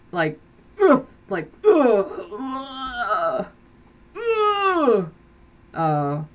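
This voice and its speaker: A woman musician chatting casually on a livestream, hesitant and rambling, with many fillers and frequent giggles. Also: low-pitched. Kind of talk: casual live-stream chat.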